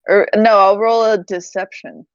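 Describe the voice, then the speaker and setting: A woman's voice: mid-range voice, steady tone, unhurried, no echo, lo-fi sound. A woman playing a tabletop game, musing and thinking aloud about her rolls. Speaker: tabletop player. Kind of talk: casual tabletop chat.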